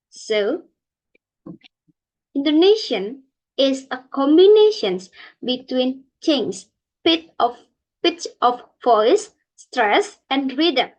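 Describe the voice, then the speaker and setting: A young woman from Indonesia, a student giving a recorded class presentation and explaining carefully, with many halts and restarts. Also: sits high. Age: young adult.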